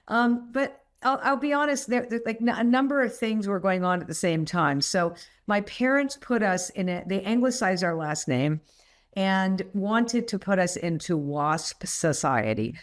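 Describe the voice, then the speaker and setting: A middle-aged woman, a podcast guest, telling personal stories in a rambling, animated way and laughing often. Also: medium pitch, moderate pace. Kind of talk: candid storytelling interview.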